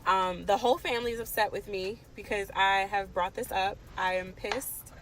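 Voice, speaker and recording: A woman's voice: mid-range voice, steady tone, a little fast, background noise. A woman in her late twenties from the Washington DC area, telling a personal story to camera in an emphatic, impassioned way. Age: late 20s.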